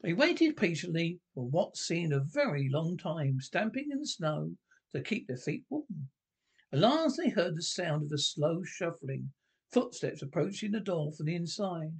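A man reading a classic children's novel aloud, halting and correcting himself often. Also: on the high side, sing-song, gravelly, husky. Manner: halting, with frequent self-corrections. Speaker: narrator. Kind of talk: audiobook narration.

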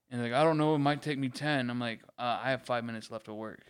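A podcast co-host rants in casual chat about a customer who showed up late, playing both sides of the exchange. His medium-pitched voice is smooth and steady in tone, moving fairly quickly as he repeats words and acts out the quoted customers.

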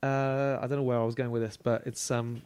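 A French-born man with a London accent, chatting as a podcast guest, animated and swearing freely. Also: mid-range voice, fairly quick, clean tone, no echo. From France. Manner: animated, swearing, lots of fillers. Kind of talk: casual chat.

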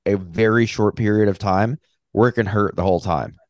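Wrestling pod guy, kinda low voice, rambly and opinionated, dry sound. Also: moderate pace, no echo. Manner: rambling, opinionated, casual swearing. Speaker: podcast co-host. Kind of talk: casual wrestling podcast chat.

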